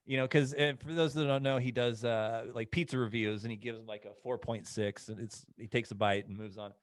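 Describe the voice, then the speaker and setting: A man's voice: mid-range voice, steady tone, a little fast, no room sound. A man co-hosting a casual podcast chat, telling a story in a laid-back way. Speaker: podcast co-host.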